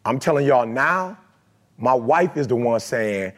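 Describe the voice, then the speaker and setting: Man, husky, raspy, emphatic motivational speaker, casual slang. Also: medium pitch, expressive, a little slow, a bit bright. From Detroit, USA. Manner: emphatic, conversational, streetwise slang. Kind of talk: motivational talk to a live audience.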